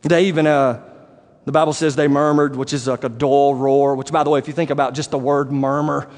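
A man preaching a sermon, animated and acting out the voices of the people he describes. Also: mid-range voice, brisk. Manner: animated, acts out quoted voices, rising to shouts. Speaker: pastor. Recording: long hall reverb.

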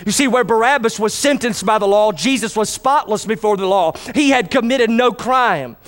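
A man's voice: high-pitched, moderate pace. A man preaching a sermon in church who calls for responses from the congregation.

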